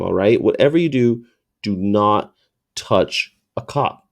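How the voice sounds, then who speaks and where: A man's voice: medium pitch, slow, darkish tone. A man telling a comedic story in a rambling, profane way, with frequent restarts.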